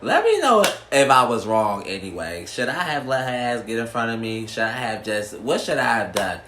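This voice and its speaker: A man's voice: medium pitch, big pitch swings, normal speed. Sassy man telling a story in a roomy space. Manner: sassy, blunt, swears freely. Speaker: vlogger. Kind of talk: storytime vlog. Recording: roomy echo, faint background noise.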